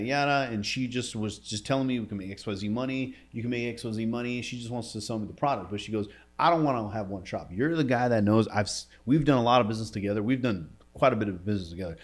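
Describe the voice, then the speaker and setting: A man telling an emotional story in a podcast interview, casual and slangy, often dropping to a quiet voice. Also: fairly low pitch. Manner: casual slangy talk, says bro and dude. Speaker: entrepreneur guest.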